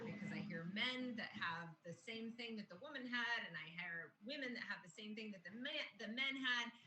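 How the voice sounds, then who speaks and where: Woman trainer, conversational explainer; roomy recording with steady background noise. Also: on the high side. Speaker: communication trainer. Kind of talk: online training lesson.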